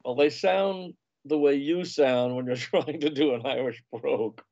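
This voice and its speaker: A man's voice: mid-range voice, unhurried, creaky, mellow, dry recording, lo-fi sound. A man guest on an interview show, a food and travel writer telling leisurely, anecdotal stories in casual conversation.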